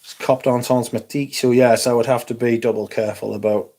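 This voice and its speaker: Husky sardonic man. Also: mid-range voice, flat delivery, brisk, warm tone. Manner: sardonic, sweary, reads viewer comments aloud. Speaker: livestream host reading chat. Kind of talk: casual chat.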